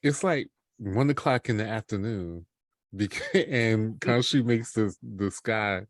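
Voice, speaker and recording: A man's voice: on the low side, slow pace, no room sound. A man co-hosting a podcast, making blunt, dry remarks in casual chat. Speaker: podcast co-host.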